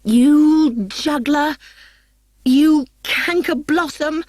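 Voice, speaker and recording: A woman voicing a small, fiery young woman who shouts shrill insults in anger. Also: extremely slow, no echo, studio quality. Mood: furious.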